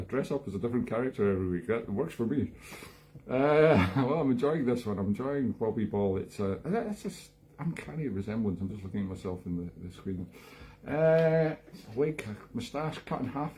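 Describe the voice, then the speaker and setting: A man's voice: mid-range voice, dark tone, slight background noise. A man hosting a live online music show, chatting casually between tunes with dry jokes and lots of restarts.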